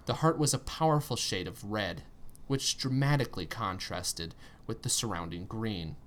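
A man narrating a story aloud in an expressive reading style, with tense pauses and strong emphasis. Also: on the low side. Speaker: story reader.

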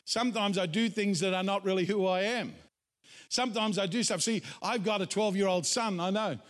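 A man preaching a sermon in an animated, dramatic way, acting out the voices of doubters. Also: high-pitched, a little fast. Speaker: pastor. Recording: echoey hall, long reverb.

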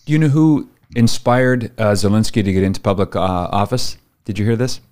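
Deep-voiced man, sardonic chat. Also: a little fast, darkish tone. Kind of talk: commentary chat.

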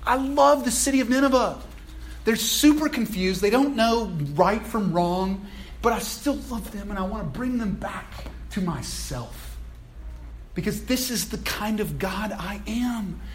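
Man voicing God, gentle and loving. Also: sits high, measured pace, a little hiss or hum, pitched above the performer's own voice. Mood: tender. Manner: gentle, earnest pleading. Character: God, loving patient father speaking to a prophet.

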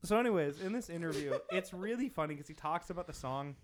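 A man's voice: on the high side, expressive, fast, a little hiss or hum. A man hosting a casual podcast chat, rambling and joking with friends. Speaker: podcast host.

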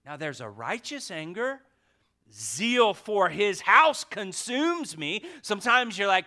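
A man preaching a sermon as pastor in a church, passionate and joking with the congregation, swinging from loud outbursts to hushed asides. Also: sits high, very animated, unhurried. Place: church sanctuary.

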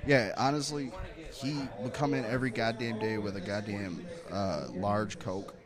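A man's voice: on the low side, fairly even intonation, moderate pace, crowd noise. A man on a comedy podcast panel in a pub, telling rambling, profane stories and laughing often in casual chat.

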